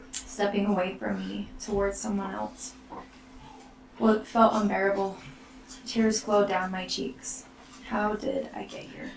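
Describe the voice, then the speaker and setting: Woman, personal storyteller; slow, soft, halting delivery with gravel in it; roomy, distant recording. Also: mid-range voice. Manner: slow, soft and halting, often near a whisper. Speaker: mother telling her own story. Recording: roomy, distant mic, faint background noise.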